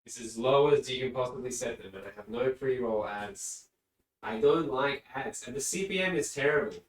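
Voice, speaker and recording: A man's voice: medium pitch, moderate pace. A man from England chatting casually on a live stream, rambling and easily distracted, often talking away from his desk microphone. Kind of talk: casual chat. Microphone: desk mic, often spoken from a distance. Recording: roomy echo, distant from mic.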